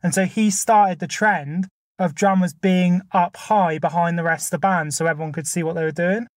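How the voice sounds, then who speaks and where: A man's voice: high voice, steady tone, normal speed, no room sound, clean studio sound. A man, a podcast co-host, chatting casually and building an argument point by point. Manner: argumentative, lays out numbered points. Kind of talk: casual chat.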